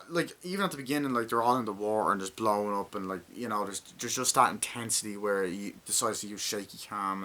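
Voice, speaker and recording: A man giving a casual, rambling movie review, swearing often and acting out scenes. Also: fairly low pitch. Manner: acts out scenes with shouted lines.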